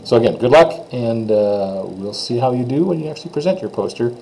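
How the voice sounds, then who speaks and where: A man teaching French pronunciation, saying phrases slowly for students to repeat and explaining the sounds in plain, encouraging words. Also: medium pitch, creaky, warm tone, slight background noise, low-quality recording. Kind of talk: classroom pronunciation lesson.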